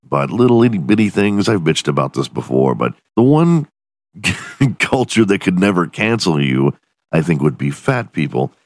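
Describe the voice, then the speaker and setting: A man's voice: sits low, sing-song, normal speed, dry recording, studio quality. A man hosting a podcast alone in his room, delivering a profane, self-mocking comedic rant. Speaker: podcast host.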